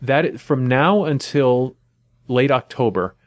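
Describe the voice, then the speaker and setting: A man in relaxed podcast chat with a middle-pitched voice. The sound is dry and close, with no room echo, and he talks in an easy, reflective way. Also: slow. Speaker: podcast co-host. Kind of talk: casual chat.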